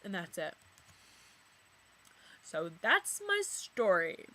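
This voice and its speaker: A woman's voice: mid-range voice, huge pitch swings, very slow, bright, forceful tone. A young woman talking casually to camera from her bedroom, filling her speech with "like" and swearing when she gets worked up. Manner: chatty, filler-heavy, says "like" constantly, swears when worked up. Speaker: vlogger. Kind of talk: casual confessional storytelling to camera.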